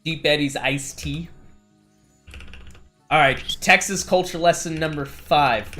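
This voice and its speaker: Male streamer, casual and joking, slightly high pitch, faint music bed. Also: takes it slowly, sharp tone. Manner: joking, laughing, stumbles over words. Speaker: gaming streamer. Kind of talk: casual chat while gaming.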